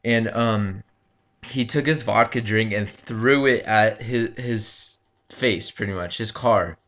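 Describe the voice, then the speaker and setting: A man's voice: on the low side, a bit bright. Rambling, um-filled young man telling a story. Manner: rambling, halting, full of ums and likes; casual swearing. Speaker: gaming commentator. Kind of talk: casual storytelling over gameplay.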